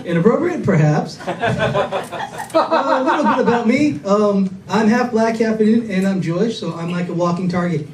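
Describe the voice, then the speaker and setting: A man with a fairly high voice works through a stand-up set, rambling and self-mocking, stumbling over restarts. He is caught from far back in the club, so his voice sounds distant and roomy. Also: lively intonation, moderate pace. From Illinois. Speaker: stand-up comedian. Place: comedy club stage with a laughing audience. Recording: echoey club audio from a distant camera.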